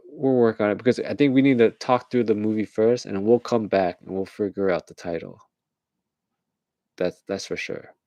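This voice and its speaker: A man talks through a late-night casual rant, rambling from one idea to the next and laughing at his own jokes. His voice sits low and gravelly, with a mellow, dark tone. The sound is dry and close, with no room around it. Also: no echo. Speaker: host.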